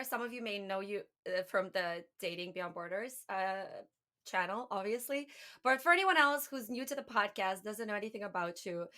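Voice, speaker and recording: A woman hosting a podcast, introducing her guest and asking measured questions. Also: medium pitch, sharp tone. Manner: friendly, measured questions with fillers. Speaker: podcast host. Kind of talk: podcast interview.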